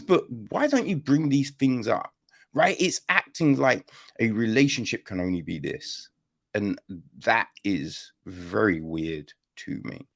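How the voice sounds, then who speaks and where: A man's voice: fairly high pitch, gravelly. A man reviewing a film on a podcast in casual, profane chat, often asking his listener if they follow. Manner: animated, profane, keeps asking "you know what I mean?".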